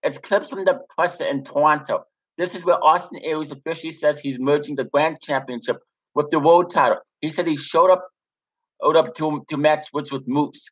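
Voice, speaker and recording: A man's voice: fairly high pitch, fairly bright tone. Rambling man, dull lo-fi recording. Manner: rambling, many fillers and restarts. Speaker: wrestling reviewer. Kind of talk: casual show recap.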